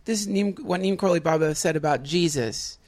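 A man's voice: fairly high pitch, a little fast. A man guest in a casual podcast conversation, eagerly asking questions and interjecting.

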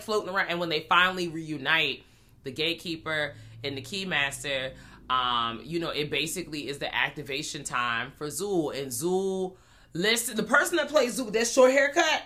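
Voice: medium pitch, animated, moderate pace, sharp tone. A podcast co-host recapping a movie in casual, playful chat, often trailing off with fillers.

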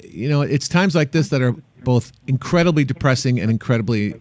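A man hosting a radio show, talking in a relaxed, chatty way with some fillers. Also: mid-range voice, brisk. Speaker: host. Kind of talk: casual radio chat.

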